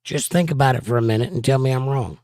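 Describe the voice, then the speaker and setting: A hoarse man hosting a casual livestream, reading chat comments aloud and joking around. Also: mid-range voice, quick pace, a little mellow, no echo, studio quality. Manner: joking, playful banter.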